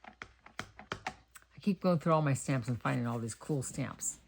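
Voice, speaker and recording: A woman's voice: very deep voice, takes it slowly, creaky, slight background noise. A middle-aged woman from Texas chatting casually and thinking aloud while she makes greeting cards. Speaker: card-making crafter. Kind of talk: casual crafting chat.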